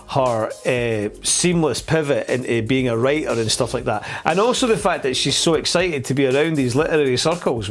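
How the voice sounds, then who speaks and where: A man with a Scottish accent hosting a live politics show. He gives blunt, scornful commentary, rambling with many fillers. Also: medium pitch.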